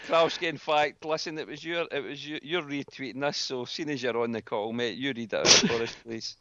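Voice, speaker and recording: Scottish-born male co-host, mid-pitched, teasing banter, lo-fi call audio. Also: a little fast, noisy background. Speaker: podcast co-host. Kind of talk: casual football chat.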